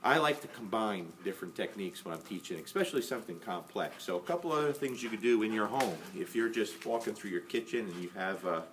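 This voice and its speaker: Deep-voiced man teaching dog training. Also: animated, fast talker, few pauses, fairly bright tone. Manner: patient, explains step by step, checks in with "okay?". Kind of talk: casual instructional demo. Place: indoors at home with a dog. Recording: faint background noise, mic at some distance.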